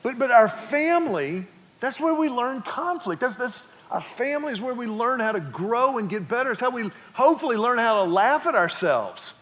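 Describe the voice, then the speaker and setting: A man's voice: very high voice, big pitch swings, moderate pace, fairly bright tone, big-room sound, slight background noise. A man preaching a sermon, telling a family story and asking the congregation questions. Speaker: pastor.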